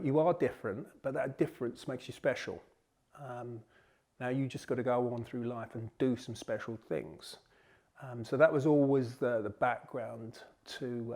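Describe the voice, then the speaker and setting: A man's voice: mid-range voice, warm tone. A man in his sixties from Surrey, England, telling stories from his childhood in an interview, in a reflective way. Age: 60s. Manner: reflective, storytelling.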